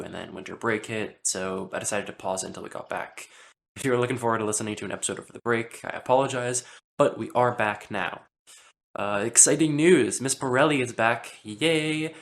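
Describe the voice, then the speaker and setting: A teenage boy hosting a school podcast in an upbeat, chatty way, sometimes speeding up and sometimes slowing down. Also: lowish voice, creaky, fairly bright tone, a little hiss or hum. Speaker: podcast host. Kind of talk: casual podcast chat.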